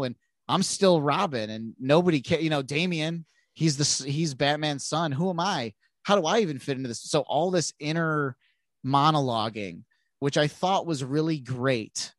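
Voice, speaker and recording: A man's voice: on the high side, dry recording. A man with a nasal voice, co-hosting a podcast and recapping comic books in a casual, rambling way with many restarts. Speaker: podcast co-host. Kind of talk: casual comic book chat.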